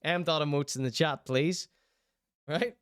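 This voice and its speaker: Male host, reaction show, teasing and chatty, higher smooth voice, dry close sound. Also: a little slow, no echo. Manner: chatty, teasing, mock-concerned asides. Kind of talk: casual reaction commentary.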